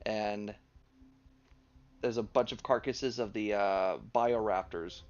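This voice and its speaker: A man's voice: on the low side, steady tone, slow pace, highs cut off. A man running a tabletop game online, loose and swearing, with many fillers. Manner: loose, swearing, laughs easily, hesitant fillers. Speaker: game master. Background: fan running.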